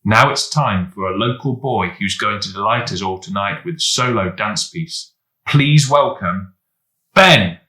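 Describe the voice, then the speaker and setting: A man's voice: fairly low pitch, animated, measured pace, bright, forceful tone, roomy sound. A man voicing a flirtatious male dance show host with a put-on Italian accent, purring and showy.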